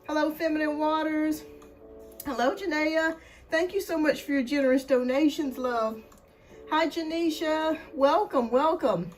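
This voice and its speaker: A woman hosting a live tarot stream, out of breath and chatting casually while she greets viewers by name. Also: high-pitched.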